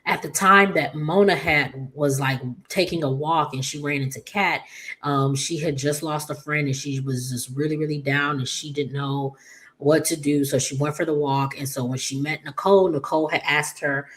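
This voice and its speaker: A woman casually recapping a soap opera episode, chatty and loose, with many fillers and throat clears, getting animated when quoting characters. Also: sits low, moderate pace.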